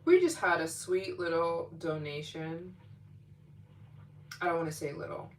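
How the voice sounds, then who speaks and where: A woman's voice: on the low side, steady tone, measured pace. A woman hosting a late-night livestream in a casual, chatty way, gushing with emotional thanks to her viewers. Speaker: livestream host. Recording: distant mic with faint hum.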